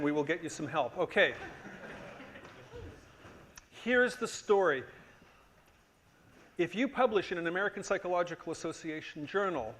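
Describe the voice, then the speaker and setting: A man's voice: high voice, moderate pace, pauses often, fairly bright tone, slight background noise. A middle-aged man teaching a conference tutorial, emphatic and joking, often checking that the room agrees. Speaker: workshop instructor. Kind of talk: lively conference tutorial lecture.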